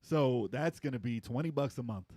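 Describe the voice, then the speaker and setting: A man's voice: moderate pace, no echo. A man co-hosting a video game podcast, chatting casually, laughing often and acting out quotes. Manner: animated, laughs often, acts out quotes in a high voice. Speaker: podcast co-host. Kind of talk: casual chat.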